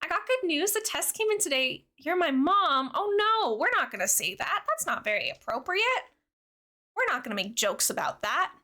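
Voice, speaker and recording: A young woman chats with her stream viewers in a bright, bubbly voice that bounces high and low. She reads chat aloud, giggling as she goes. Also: very animated, normal speed. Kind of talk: casual livestream chat with viewers.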